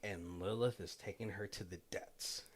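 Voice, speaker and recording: A man's voice: deep voice, normal speed. Male podcast co-host, loose rambling delivery with frequent laughs. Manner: rambling, animated, laughs often. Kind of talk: casual movie discussion.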